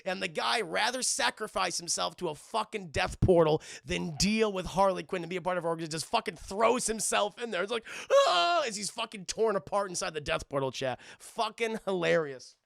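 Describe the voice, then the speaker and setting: A man doing a casual, excitable spoiler review on a livestream, swearing and using lots of fillers. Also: high-pitched, a little fast, vocal fry, few pauses, no room sound, studio quality. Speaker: cartoon reviewer streaming live.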